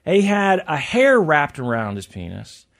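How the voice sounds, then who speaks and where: Male podcast host with a high voice, chatty, reads out items and riffs on them. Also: wildly swooping pitch, measured pace, gravelly, fairly bright tone. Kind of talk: casual chat.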